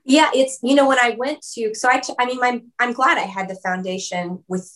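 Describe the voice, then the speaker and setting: A woman's voice: on the high side, a little fast, a bit bright. Woman guest, chatty and giggly, loose casual talk. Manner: chatty, lots of "like" and "um", laughs often. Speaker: musician guest. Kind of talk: casual interview chat. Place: video call.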